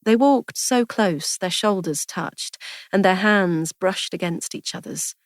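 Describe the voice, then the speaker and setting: A woman narrating a story aloud in an even, measured storytelling manner. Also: medium pitch, no echo, clean studio sound. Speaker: audiobook narrator.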